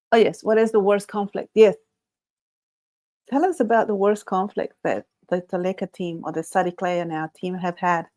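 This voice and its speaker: This channel host speaks at a medium pitch with a darkish tone. She's running a casual live stream, reading chat comments aloud and chatting playfully, laughing often.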